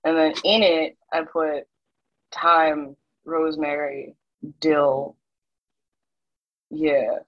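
A woman's voice: low-pitched, fairly even intonation, very slow, pauses often. A woman in casual chat, laid-back and wry, heard through a dull lo-fi recording.

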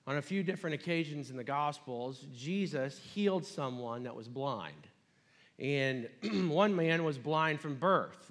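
A man's voice: on the high side, fairly bright tone. A man preaching a sermon in a casual, storytelling way with chatty asides. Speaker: pastor.

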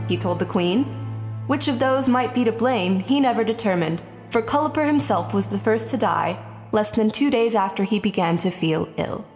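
A woman's voice: mid-range voice, animated, moderate pace, a little mellow, soft background music. Woman narrator with long reverb. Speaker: audiobook narrator. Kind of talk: scripted narration.

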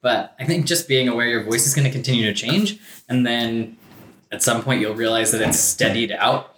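A man co-hosting a casual podcast chat, talking in a relaxed way with lots of "like". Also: mid-range voice, moderate pace. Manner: relaxed, many "like" fillers. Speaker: podcast co-host. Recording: echoey room with faint noise.

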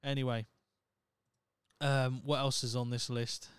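A Norfolk man in his thirties hosts a solo podcast, rambling, swearing and poking fun at himself in a casual monologue. His mid-range voice stays level and resonant at a measured, clear pace. The recording is dry and studio-clean.

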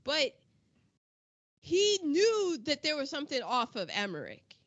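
High, lively woman ranting about a movie. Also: measured pace, muffled recording. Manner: animated, exclamatory storytelling with slang. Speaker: podcast co-host. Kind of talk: casual film discussion.

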